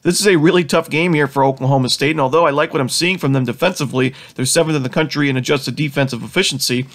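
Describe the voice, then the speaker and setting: Fast-talking nasal man with a cold. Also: mid-range voice, fairly bright tone. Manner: confident, stat-heavy, many "you know" fillers. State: has a cold. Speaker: sports betting analyst host. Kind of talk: fast sports betting picks rundown.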